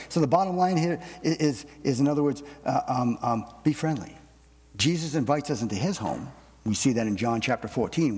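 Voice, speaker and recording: A man's voice: mid-range voice, darkish tone, breathy edge. A middle-aged man preaching a conversational sermon to his congregation in church, folksy and self-deprecating, often repeating words as he gathers his thoughts. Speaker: pastor. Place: church sanctuary. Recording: long reverb of a large hall.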